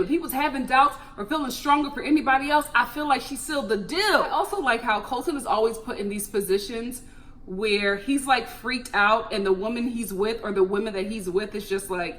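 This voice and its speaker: A young woman chatting animatedly through a TV recap, breaking into laughs and jumping high in pitch for emphasis. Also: brisk, a bit bright. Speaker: TV recap vlogger.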